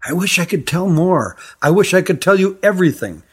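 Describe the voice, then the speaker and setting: A man voicing a frightened older boy on the run, speaking with hushed urgency in a storybook reading. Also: high voice, lively intonation, a little fast, slightly rough, voice pushed up, heavily acted. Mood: urgent.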